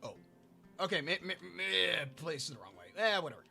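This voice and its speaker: Faint music plays behind a man whose fairly high voice is very animated, bright and forceful, with some vocal fry, at a normal speed. He's livestreaming a building game, casually talking with viewers, answering chat, and muttering as he builds.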